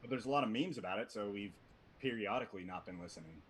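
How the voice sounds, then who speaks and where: A man's voice: lowish voice, lively intonation, fast, slight background noise. A man from the Tacoma area, a comedian guest chatting in a laid-back, amused way. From Tacoma area, Washington. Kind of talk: casual comedic chat.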